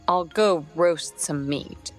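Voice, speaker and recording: A woman's voice: low-pitched, steady tone, slow, soft background music. A woman voicing Lucius, a terse eagle beastman. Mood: calm. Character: stoic young male eagle beastman.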